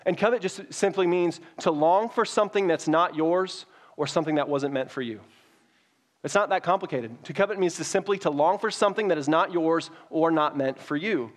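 A man's voice: fairly high pitch, a little fast. A man preaching a sermon as pastor, reading scripture and explaining it in a conversational way that rises to emphatic peaks.

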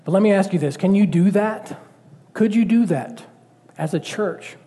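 Mellow-voiced preacher in a reverberant hall. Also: male voice, high voice, moderate pace. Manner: conversational, animated, full of rhetorical questions. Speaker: pastor. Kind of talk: sermon. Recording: long reverb of a church hall.

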